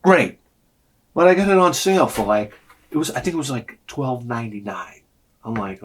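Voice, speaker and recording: A man's voice: medium pitch, animated, normal speed, husky. A middle-aged man, telling a comic story in a vlog, swearing freely and acting out the voices he quotes. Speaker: vlogger.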